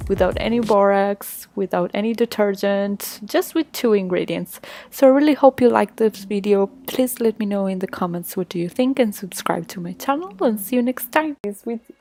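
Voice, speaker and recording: A woman's voice: medium pitch, mellow. Italian-accented woman vlogger, casual how-to voice-over, giggles often, faint music behind. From Italy. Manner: chatty, giggly, explains step by step. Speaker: slime-making vlogger. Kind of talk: casual tutorial narration.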